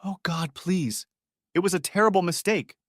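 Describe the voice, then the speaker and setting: A man's voice: medium pitch, very animated, moderate pace, a bit bright, no echo, clean studio sound, voice pushed up. A man voicing a heartbroken middle-aged wife who begs through tears. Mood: pleading. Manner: tearful, begging.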